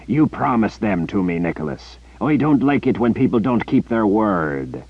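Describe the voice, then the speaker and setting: A deep, gravelly tyrant emperor, as a male audiobook narrator puts him on, pressing his questions slowly and with quiet menace. His pitch swings widely, and the recording is dull and dry. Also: sing-song, dry recording, heavily acted. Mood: menacing. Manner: slow, threatening, demanding. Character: menacing male tyrant emperor speaking through a young soldier.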